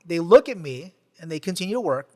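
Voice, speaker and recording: A man with a high voice tells a story on his podcast, his pitch swinging up and down. He talks casually and animatedly, full of fillers and restarts. His voice carries a long reverb. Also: fairly quick. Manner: animated, frequent "like" fillers, repeats words. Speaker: podcast host and teacher.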